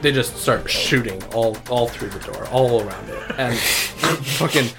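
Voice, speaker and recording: A man running a tabletop game who narrates casually, with fillers and frequent chuckles. His voice sits at a middle pitch, and music plays clearly in the background. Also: normal speed. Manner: casual, laughing, lots of fillers. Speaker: game master.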